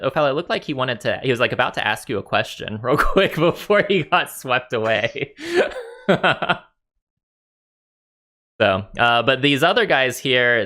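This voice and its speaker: Game master, male, bright tone, loose filler-heavy narration. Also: medium pitch. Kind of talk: narrating a tabletop game over voice chat.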